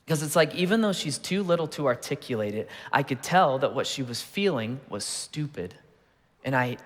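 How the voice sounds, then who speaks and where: A man in his thirties gives a Sunday sermon in an easygoing, storytelling manner, slipping in jokes as he goes. His voice sits at an average pitch. It carries the long reverb of a large church hall. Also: fairly bright tone. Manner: conversational storytelling with humor. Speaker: pastor. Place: church auditorium.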